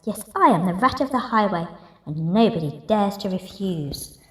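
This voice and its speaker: A woman voicing a greedy, boastful male rat highwayman in a gruff, swaggering voice, reading a picture book aloud. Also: animated, moderate pace, natural voice. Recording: roomy echo, distant mic.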